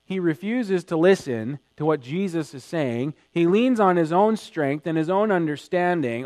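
Male pastor, slightly high voice, emphatic sermon delivery, dry sound with hum. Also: animated, normal speed, few pauses, no echo. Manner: emphatic preaching, swelling louder in acted quotes.

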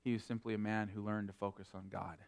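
A man preaching a sermon, quoting scripture in old-fashioned wording and swinging between emphatic peaks and quieter asides. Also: flat delivery, quick pace, gravelly. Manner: emphatic preaching, rising and falling in pitch and loudness. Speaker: pastor.

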